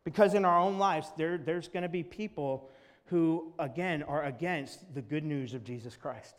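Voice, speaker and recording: A man's voice: on the high side, normal speed. Man preaching in a reverberant church. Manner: earnest preaching, reads scripture aloud. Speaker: pastor. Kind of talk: sermon. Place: church sanctuary. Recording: long church hall reverb.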